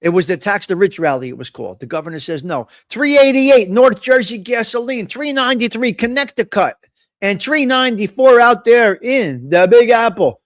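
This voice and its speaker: A middle-aged man with a New York-area accent hosts a live morning chat stream in a high-pitched voice, rambling through crude, joking banter. The sound is close and dry. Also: lively intonation, normal speed, dry recording. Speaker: host of a live morning talk show.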